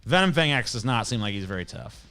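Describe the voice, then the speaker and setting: A man's voice: mid-range voice, animated, quick pace, bright, forceful tone, faint music behind. A male host giving blunt, profane, scornful ranting commentary while reacting to clips and viewer questions.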